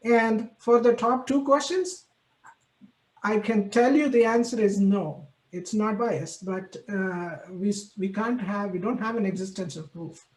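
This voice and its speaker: A woman giving a university talk at a mid pitch, thoughtful and pausing often as she works through her points. The room around her is echoey. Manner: thoughtful, many ums and pauses. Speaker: lecturer.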